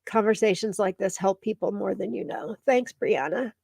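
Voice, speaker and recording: A woman's voice: mid-range voice, moderate pace, gravelly, a little mellow, husky, dry recording, clean studio sound. A middle-aged woman hosting a casual live stream, teary and emotional as she reads viewer comments aloud. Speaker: live show host.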